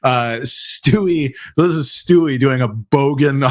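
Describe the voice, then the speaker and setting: A man's voice: medium pitch, unhurried, few pauses. A man hosting a live ask-me-anything stream who talks in a rambling way, full of fillers and restarts. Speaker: host.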